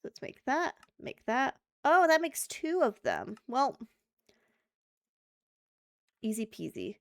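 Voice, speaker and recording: A woman's voice: sits high, wildly swooping pitch, slow, gravelly, dry recording. A woman streamer chatting casually and thinking aloud while playing a game. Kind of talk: casual live-stream chat while gaming.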